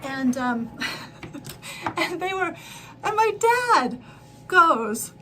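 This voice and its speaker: A woman's voice: extremely high pitch, sing-song, extremely slow, noisy background. A middle-aged woman hosting a sewing livestream, telling a long rambling story with frequent laughs and self-corrections. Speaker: livestream host. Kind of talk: casual chat while sewing.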